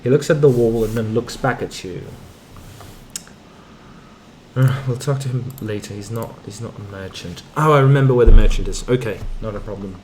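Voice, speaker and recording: With game music in the background and a little noise, a man reads a game's text aloud in a lowish, slightly mellow voice at normal speed. He is a streamer doing casual let's-play commentary, muttering asides as he goes.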